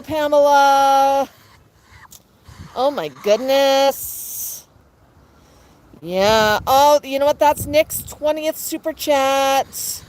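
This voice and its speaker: A woman's voice: high-pitched, a little mellow, poor audio. A woman hosting a live stream from her outdoor patio, gushing in sing-song praise to her pet bird and chatting casually into a phone camera. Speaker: livestream host with her parrot. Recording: outdoor street traffic noise.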